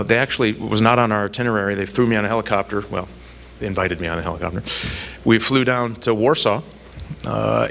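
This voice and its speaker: A man's voice: mid-range voice, vocal fry, a bit bright. A man giving a public speech about foreign policy, telling stories with humorous asides and building his point through repeated emphatic phrases. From United States. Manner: storytelling with asides and self-deprecating humor.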